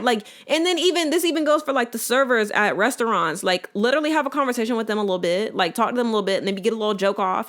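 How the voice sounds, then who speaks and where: A young woman hosting her own podcast, ranting in a loose, colloquial way. She is opinionated and animated, and she talks straight to her listeners as if chatting with friends. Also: on the high side, fast talker. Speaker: podcast host. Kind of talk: casual solo podcast rant.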